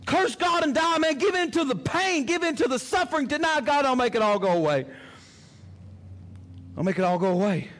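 A man's voice: very high voice, expressive, a little fast, a bit bright, pitched above the performer's own voice. A male preacher voicing a persuasive male tempter spirit, speaking in an insistent, repetitive way. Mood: urging.

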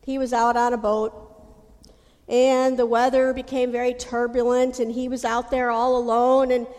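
A woman's voice: on the high side, level tone, normal speed, darkish tone. A woman preaching a sermon in a folksy, casual storytelling way. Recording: hall reverb.

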